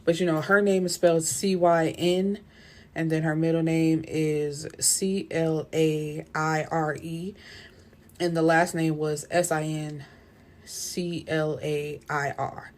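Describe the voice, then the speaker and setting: A woman casually recapping a novel's plot, animated and full of fillers. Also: deep voice, slow pace. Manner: animated retelling with many fillers and quoted dialogue. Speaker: book reviewer.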